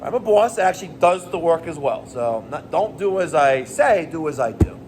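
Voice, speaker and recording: A middle-aged man, a plumbing business owner ranting to the camera in an animated, profane, exasperated way. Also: a little high, moderate pace, noisy background. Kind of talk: rant vlog to camera.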